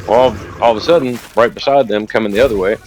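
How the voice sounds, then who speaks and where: A man's voice: on the low side, fast, darkish tone, faint music behind. A man casually retelling a story while gaming, rambling and profane. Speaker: gamer recounting a news video.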